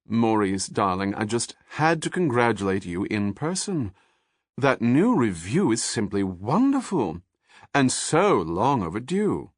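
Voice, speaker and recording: A man's voice: mid-range voice, sing-song, a little slow, no echo, studio quality. A man voicing a gushing, theatrical middle-aged society woman.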